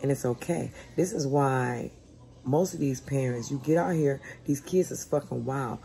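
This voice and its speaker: A woman's voice: very deep voice, moderate pace, vocal fry, mellow, slight background noise. A woman in her forties telling a story in a casual, blunt and profane way. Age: 40s. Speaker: vlogger.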